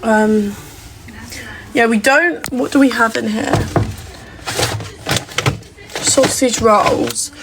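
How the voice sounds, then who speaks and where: On a casual phone livestream from her home kitchen, a young English woman coos to her dog in baby talk. She speaks on the high side, very slowly, with long pauses, and loud crowd noise fills the background.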